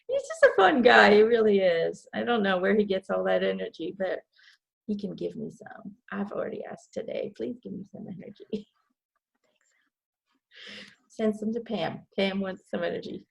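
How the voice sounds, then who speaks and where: A woman speaks as a spiritual channeler, relaying messages in an easy, casual way. Her mid-pitched voice carries a gravelly fry, and she pauses often on fillers with light laughter. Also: fairly even intonation, darkish tone.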